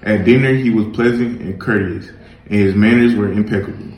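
A man reading a children's picture book aloud in a gentle, measured storytelling manner. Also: fairly low pitch, echoey room, poor audio. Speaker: reader.

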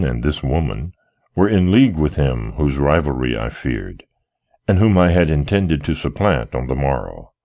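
Male audiobook narrator, very low voice, expressive first-person storytelling. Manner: expressive storytelling, wide melodic swings.

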